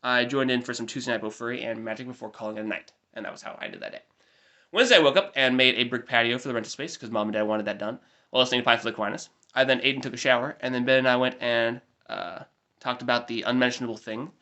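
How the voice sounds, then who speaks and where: A man's voice: mid-range voice, fairly even intonation, fast talker, pushed and bright. A man in his twenties with an American accent, giving a rambling, chatty life update with self-deprecating asides. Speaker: vlogger. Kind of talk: casual diary-style life update.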